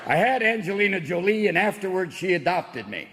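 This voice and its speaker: Manic male comedian before a loud crowd. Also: high-pitched, big pitch swings. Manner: manic, shouting, rapid-fire impressions. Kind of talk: stand-up comedy. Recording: live stand-up with loud crowd and noise. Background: loud audience.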